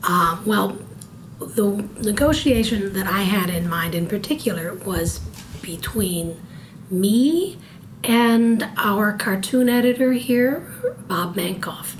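A woman's voice: mid-range voice, animated, slow pace, slight background noise, poor audio. An older woman with a cold, talking as an interview guest in a precise, thoughtful way with wry jokes. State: stuffy from a cold. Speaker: guest, copy editor. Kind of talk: conversational interview.

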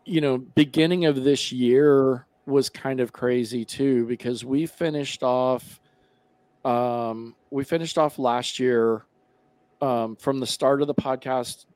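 A man's voice: mid-range voice, steady tone, slow pace, darkish tone, no room sound. Rambling man chatting on a podcast. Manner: rambling with many fillers and restarts. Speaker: podcast co-host, guest. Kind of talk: casual podcast chat.

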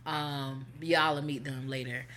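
Animated woman telling a story, slangy. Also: very deep voice, a little slow, slight background noise. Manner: animated, slangy, acts out quotes. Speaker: podcast co-host. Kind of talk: casual storytelling chat.

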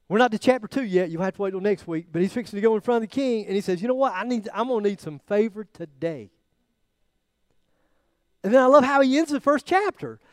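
A man preaching a sermon, acting out quoted prayers, shifting from loud bursts to near whispers. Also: high voice, dry recording, clean studio sound. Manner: dramatic, acts out biblical quotes with swings in loudness. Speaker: pastor.

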